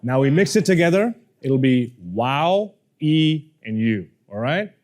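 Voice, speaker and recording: A communication coach teaches a workshop audience how to speak in an unhurried, medium-pitched voice. Still animated, he acts out the people he quotes.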